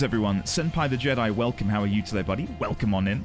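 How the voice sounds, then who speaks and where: A man's voice: fairly low pitch, fast, faint music behind. A man streaming live, chatting earnestly and emotionally with his audience and greeting viewers by name. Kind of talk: casual chat with a live audience.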